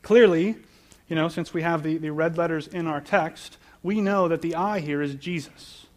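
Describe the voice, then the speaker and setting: A man's voice: on the high side, normal speed. A man preaching a sermon, earnest and explanatory, often repeating words as he builds each point. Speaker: pastor.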